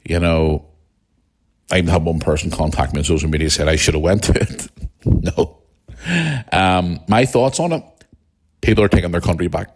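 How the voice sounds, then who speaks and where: A man's voice: deep voice, moderate pace, pauses often. A man hosting a podcast in a casual monologue, talking bluntly and heatedly with plenty of swearing. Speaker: podcast host.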